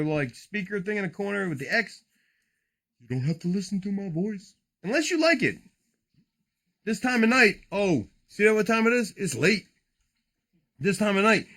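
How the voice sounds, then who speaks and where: A man's voice: high-pitched, fairly bright tone. A man hosting a late-night card break, joking, rambling and swearing as he opens packs. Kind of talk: casual livestream card break.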